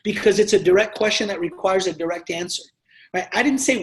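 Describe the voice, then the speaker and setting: A man with a fairly high voice runs a sales training session. He talks with real passion, pressing his points hard and slipping into short acted exchanges between seller and customer. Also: a little fast. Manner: passionate, emphatic, acts out sales dialogues. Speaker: sales team leader giving training. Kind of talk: energetic sales training talk.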